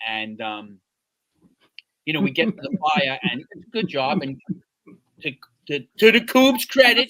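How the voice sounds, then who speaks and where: A man, a retired fire captain, telling animated war stories in casual chat and loudly acting out the quotes. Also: on the high side.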